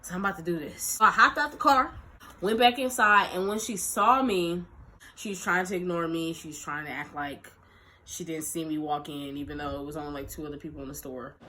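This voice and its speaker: A young woman vlogger telling a story in a lively, animated way, acting out quotes and laughing often. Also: sits low, fairly quick. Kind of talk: storytime vlog.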